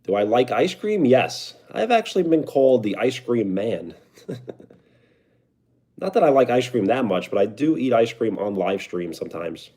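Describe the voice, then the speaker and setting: A man's voice: mid-range voice, sing-song, a little slow, mellow. A young man with a New York accent, chatting casually on a live stream and answering viewer comments. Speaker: livestreamer.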